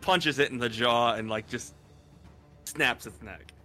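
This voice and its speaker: A man's voice: medium pitch, unhurried, pushed and bright, faint music behind. A man playing a tabletop game, loosely narrating his character's actions with laughs and fillers. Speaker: player.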